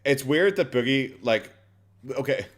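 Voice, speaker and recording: A man's voice: mid-range voice, lively intonation, measured pace. An Irish man reacting to a video on a home stream, sarcastic and sweary, full of fillers. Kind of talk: casual reaction commentary.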